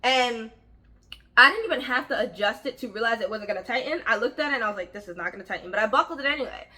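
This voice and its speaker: A young woman casually telling a story from her job, animated and frank, acting out the voices of the people in it. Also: a little high, quick pace. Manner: frank, uses slang and swearing. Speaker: vlogger telling a work story.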